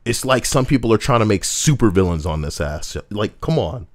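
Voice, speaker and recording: A man's voice: fairly low pitch, moderate pace. Heated, cursing man on a podcast. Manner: profane, heated, animated. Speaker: podcast co-host. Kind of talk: casual ranting commentary.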